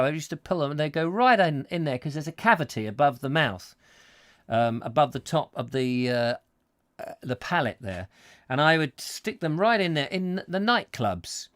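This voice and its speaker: A man's voice: fairly high pitch, fairly bright tone, no echo, clean studio sound. A man hosting a comic live chat show, rambling through jokey stories and singing little snatches. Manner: chatty, jokey storytelling, sings snatches. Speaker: host.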